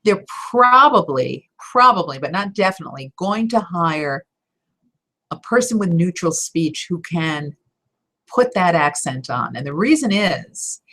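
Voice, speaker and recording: A slightly low-pitched woman coaches aspiring voice actors in a live question-and-answer session. She talks directly and warmly encouraging, leaning on key words with firm emphasis and slipping in quick laughs. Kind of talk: live Q&A teaching talk.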